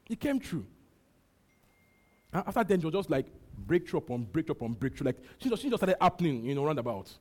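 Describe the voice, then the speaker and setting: A man's voice: a little high, sing-song, quick pace, a little mellow. A man with a Nigerian accent preaching a sermon, repeating short phrases and breaking into frequent hallelujahs. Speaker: pastor.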